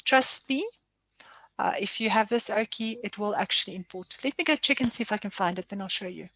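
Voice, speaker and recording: Woman walking folks thru accounting software, chatty, apologizes a lot, dry close sound. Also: medium pitch, brisk, dry recording. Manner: chatty, apologetic, self-deprecating asides. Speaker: software trainer. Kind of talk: casual screen-share tutorial.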